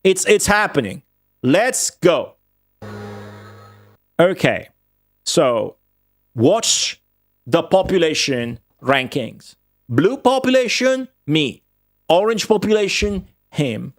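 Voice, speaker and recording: A young man streaming a strategy game, talking to viewers in excitable commentary full of swearing. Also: fairly high pitch, takes it slowly, pauses often, dry recording, faint music behind. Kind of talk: casual gameplay commentary.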